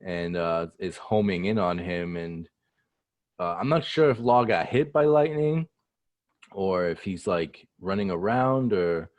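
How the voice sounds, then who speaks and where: A man co-hosting a casual comic read-through, relaxed and chiming in with agreement. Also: sits low, a little slow, no echo, highs cut off. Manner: relaxed, mumbles agreement, acts out lines. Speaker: co-host.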